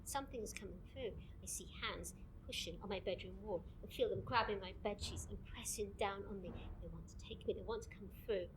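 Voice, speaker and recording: A woman's voice: on the high side, expressive, normal speed, reverberant, noisy background, lightly acted. A woman playing a tired archivist who talks in a hesitant, uneasy way. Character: tired young woman archivist haunted by dreams. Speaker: archivist recording old stories.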